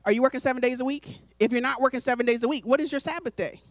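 A woman preacher delivering a calm, conversational sermon, slowing down for emphasis. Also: sits high, no echo. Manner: conversational, deliberate, slows for emphasis.

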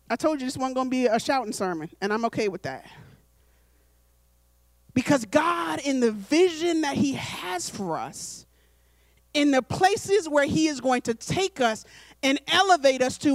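A woman preacher delivering a calm, conversational sermon, slowing down for emphasis. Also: high-pitched, no echo. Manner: conversational, deliberate, slows for emphasis.

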